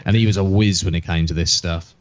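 Man, middle-pitched voice, dull lo-fi dry recording, blunt casual chat. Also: fairly even intonation, fast talker, dry recording. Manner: blunt, chatty, swears. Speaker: podcast co-host.

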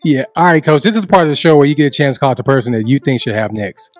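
A man co-hosting a sports talk podcast, trading quick, joking banter. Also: medium pitch, animated, no room sound, soft background music. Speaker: podcast co-host. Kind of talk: sports talk show chat. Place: Dallas.

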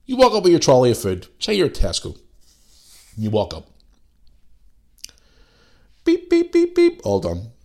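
A man hosts his podcast alone, rambling through a loose, foul-mouthed rant. He is fighting off a cold, and his voice sits on the low side. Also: huge pitch swings, fairly quick. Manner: ranting, sweary, loose and rambling. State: has a cold. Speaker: podcast host. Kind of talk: casual solo podcast rant.

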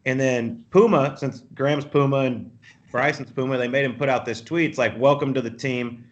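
A man, a professional golfer, telling animated, profane stories as a podcast guest and laughing often. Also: mid-range voice, normal speed, highs cut off. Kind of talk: casual storytelling.

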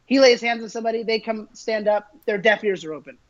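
A man telling stories as an interview guest, lively and quick to laugh, putting on the voices of the people he quotes. The recording sounds dull and lo-fi, with the top end rolled off. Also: high-pitched, slight background noise. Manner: animated, acts out quoted voices, laughs often. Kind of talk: casual storytelling interview.

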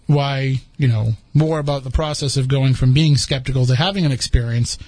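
A man's voice: medium pitch, moderate pace, a little mellow. A man hosting a podcast, chatting casually and rambling with frequent restarts. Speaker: podcast host. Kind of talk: casual chat.

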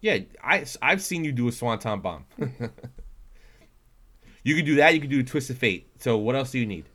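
A man's voice: mid-range voice, lively intonation, normal speed, fairly bright tone. Teasing, talkative man. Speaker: podcast co-host. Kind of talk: casual wrestling chat.

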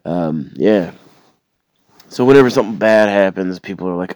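A man's voice: sits low, normal speed, a little mellow, no echo. A man who has a cold, rambling and complaining in a sardonic way, stumbling over and repeating his words. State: sick with a cold or flu. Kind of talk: casual rambling rant to camera.

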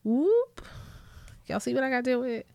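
A woman's voice: high-pitched, big pitch swings, moderate pace, creaky, warm tone, no echo, highs cut off. A woman hosting a podcast in casual chat, playful and chatty, laughing often and dropping into whispered asides. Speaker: podcast host.

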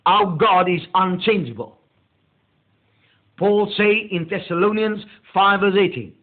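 A male pastor delivering a meditative sermon, slow and deliberate, leaning hard on key words. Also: high-pitched. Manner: slow, deliberate preaching with drawn-out emphasis. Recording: tinny phone-like audio.

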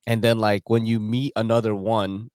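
A man's voice: fairly low pitch, flat delivery, normal speed, darkish tone, no echo, studio quality. A man hosting a podcast in a laid-back, slangy manner, laughing often. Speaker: podcast host. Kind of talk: casual podcast chat.

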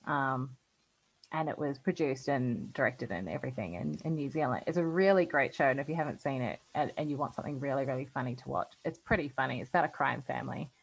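Low-voiced Australian woman, chatty. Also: fast, vocal fry, slightly rough, low-quality recording. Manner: chatty, laughs often, trails off mid-thought. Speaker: podcast co-host. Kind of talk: casual chat.

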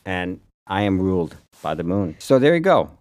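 A very low-pitched man in his fifties tells stories in a loose, rambling way, full of "uh"s and restarts. He co-hosts a casual chat podcast. His voice is close and dry, with no room sound. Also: very animated, moderate pace, darkish tone, no room sound. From upstate New York. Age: 50s. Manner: chatty, rambling storyteller with frequent fillers. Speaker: podcast co-host.

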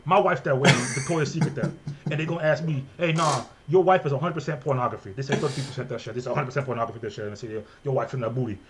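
A man's voice: mid-range voice, steady tone, racing, a little hiss or hum, lightly acted. A man putting on a crude, rowdy Louisiana-accented man ranting with lots of repetition.

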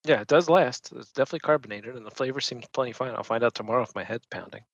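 A man's voice: medium pitch, very fast, dry recording. Laid-back man with slightly dull audio. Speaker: podcast co-host. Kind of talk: casual chat.

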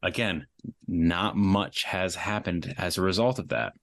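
Low-voiced man, earnest podcast guest. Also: a little slow, gravelly, a bit bright, no echo. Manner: earnest, repeats words as he talks. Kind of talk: casual film discussion.

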